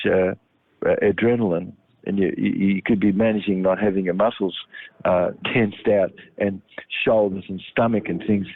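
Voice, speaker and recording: A man's voice: on the low side, no echo. A man giving a rambling health talk, full of ums and restarts. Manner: meandering, with many ums and restarts. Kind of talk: rambling monologue. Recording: tinny phone-like line, dry.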